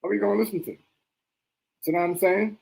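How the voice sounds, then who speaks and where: A man's voice: sits high, fairly even intonation, fairly quick, creaky, darkish tone, rough recording. A man hosting a reaction livestream, ranting in a heated, mocking way and repeating himself. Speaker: livestream host.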